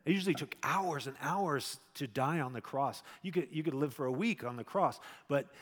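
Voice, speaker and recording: A male pastor preaching a sermon in a conversational way, with loud emphatic stretches and quiet asides. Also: fairly high pitch, normal speed, slightly rough, in a large hall.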